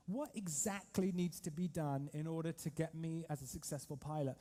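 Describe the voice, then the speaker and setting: A man giving a lively motivational seminar talk as a trading coach, telling stories and quizzing his audience. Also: fairly high pitch, normal speed, few pauses. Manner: energetic, storytelling, keeps polling the audience.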